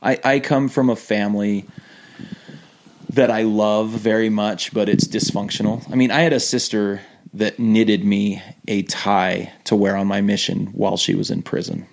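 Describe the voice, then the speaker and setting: A man guesting on a podcast, telling lively stories in an animated way, laughing often and restarting his sentences. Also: on the low side, normal speed, creaky, slight background noise. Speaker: podcast guest, former missionary. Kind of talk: casual storytelling interview.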